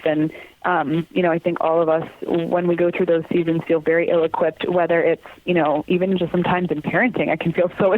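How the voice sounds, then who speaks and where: This is a woman in her thirties being interviewed over the phone. She talks with earnest feeling, laughs often, and slips into the voices of people she quotes. The line sounds thin and tinny, with no room echo. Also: on the low side. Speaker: guest, theater company communications manager. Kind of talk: casual interview chat.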